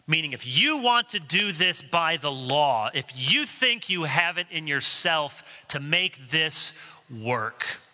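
A man's voice: fairly high pitch, sing-song, slow, sharp tone, big-room sound. A male pastor preaching a sermon earnestly and telling stories along the way. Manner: earnest preaching, storytelling asides.

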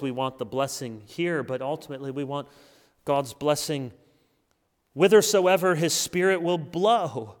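A man preaching a sermon to a congregation in a church, earnest and emphatic, slowing down to stress key words. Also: fairly high pitch, long reverb tail.

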